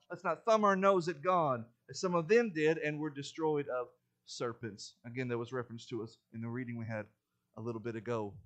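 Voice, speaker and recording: A man preaching a sermon in a church, building to loud, urgent warnings and dropping back to a quiet explanatory tone. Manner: emphatic, rises in pitch and volume to stress warnings. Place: church sanctuary.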